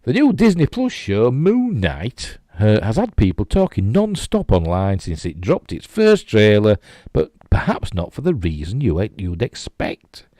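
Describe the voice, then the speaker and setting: A man's voice: on the low side, huge pitch swings, unhurried, warm tone, dry recording. A man with a Yorkshire accent hosting a geek news show, reading stories and dropping dry jokey asides. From Yorkshire, England.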